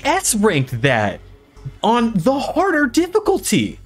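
A man giving casual, profane, excitable commentary while playing a video game. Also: mid-range voice, measured pace, soft background music. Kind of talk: casual let's-play commentary. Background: game soundtrack and sound effects.

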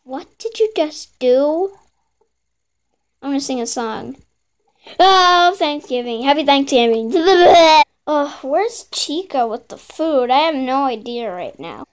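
A woman's voice: high-pitched, big pitch swings, a little slow, darkish tone. A woman improvising a playful, bickering skit, voicing a group of plush toys herself. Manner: playful, bickering, childlike banter.

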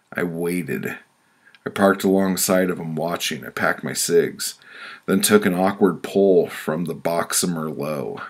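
Deep gravelly man reading his own prose. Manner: blunt, profane, deadpan storytelling. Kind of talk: audiobook reading of prose poems.

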